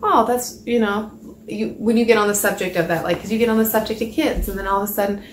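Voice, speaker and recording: A woman's voice: mid-range voice, steady tone, fast, a little hiss or hum. A woman giving a casual spoken sales training, chatty and rambling, full of fillers and restarts. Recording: echoey room.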